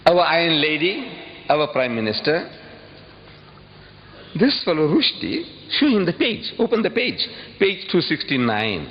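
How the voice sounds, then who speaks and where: A man giving an impassioned public lecture, emphatic and full of rhetorical questions, his voice leaping into sudden high bursts. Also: big pitch swings, unhurried. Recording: dull old recording, long hall reverb, faint hiss.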